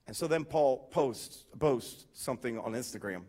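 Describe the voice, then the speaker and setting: A pastor giving a lively, conversational sermon with emphatic points and humorous asides. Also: male voice, medium pitch, moderate pace, husky.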